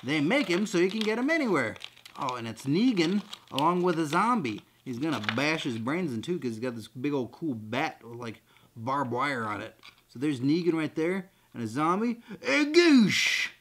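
Male unboxing host, goofy and jokey, very lively pitch. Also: normal speed, background noise. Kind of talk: excited unboxing chatter.

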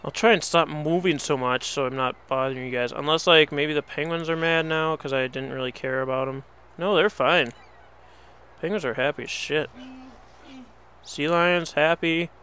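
A man's voice: on the high side, moderate pace, bright, forceful tone, clear, resonant tone. A young man commentating on his game, exasperated and pleading, swearing at the animals as he plays. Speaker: let's play host. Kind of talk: casual gameplay commentary.

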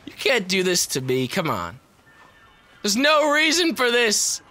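A young man talks over his gameplay in a high, very bright voice. He is loud and excitable, swears freely and laughs often as he comments. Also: measured pace. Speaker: gaming video host. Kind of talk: let's play commentary.

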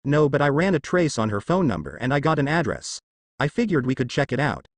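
A man's voice: mid-range voice, sing-song, fairly quick. A man voicing a weary, grieving young man who keeps pressing his brother with earnest questions. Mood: explaining.

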